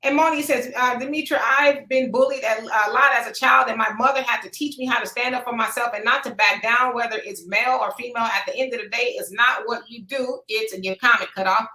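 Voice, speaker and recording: A woman with a bright, high-set voice hosts a relaxed live chat. She reads comments aloud in a folksy manner and laughs easily. Her voice rings in an echoey room. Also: fairly quick, hardly any pauses. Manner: laid-back, folksy, laughs often. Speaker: host reading viewer comments. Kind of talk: casual live-stream chat.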